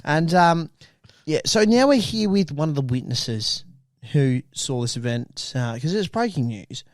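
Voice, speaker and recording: Animated man, mock-emotional comedy. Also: fairly high pitch, measured pace, no echo, studio quality. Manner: rambling, mock-emotional, stammering restarts. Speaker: podcast co-host. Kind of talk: improvised comedy news skit.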